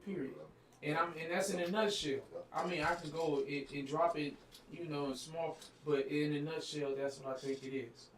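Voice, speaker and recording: A man guesting on a live stream, talking in an animated, emphatic, slangy way. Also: fairly high pitch, moderate pace, far from the mic, slight background noise. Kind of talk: casual live-stream chat. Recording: roomy sound from off-mic.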